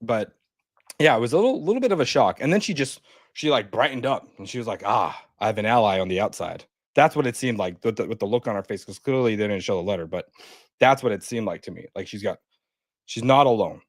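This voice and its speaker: A man in a relaxed co-hosted review chat, retelling scenes and slipping into the characters' lines as he goes. His voice sits at an everyday middle pitch. The mic is close and the sound is dry, with no room echo. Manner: relaxed, acts out characters' lines in quick bursts. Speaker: co-host. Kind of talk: casual chat, recapping scenes.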